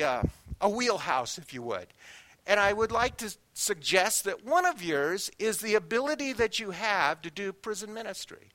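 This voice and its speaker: A middle-aged man delivers a sermon in a church, leaning on homespun anecdotes. His voice sits high and sounds bright and forward. He slips into other people's voices when retelling what they said. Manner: folksy anecdotes, animated quoted voices. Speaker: guest preacher. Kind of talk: sermon with storytelling.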